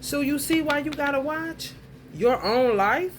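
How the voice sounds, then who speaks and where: A woman's voice: high-pitched, lively intonation, unhurried, slight background noise. A woman giving a casual monologue to her viewers, telling a story bluntly and heatedly, with plenty of profanity. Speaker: vlogger.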